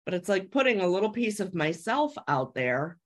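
A woman on a coaching call works through her feelings aloud, pausing and restarting as she searches for words. Her pitch moves lively up and down. She sounds earnest and sincere.

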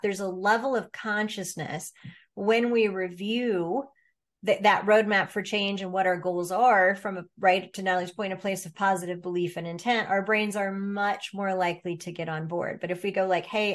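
A woman's voice: medium pitch, fairly even intonation, moderate pace. A woman leading a business coaching workshop over a video call. She talks with energy and keeps acting out inner voices as playful little quotes.

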